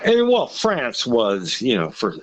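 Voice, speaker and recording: A man with an Irish accent, co-hosting a podcast in casual, halting chat with many fillers and restarts. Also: medium pitch, wildly swooping pitch, rough recording. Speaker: podcast co-host.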